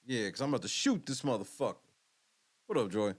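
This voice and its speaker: A man's voice: mid-range voice, sing-song, brisk, a little hiss or hum. A man hosting a clip show, dropping profane joking comments over the footage. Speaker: show host reacting to clips. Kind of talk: casual commentary over clips.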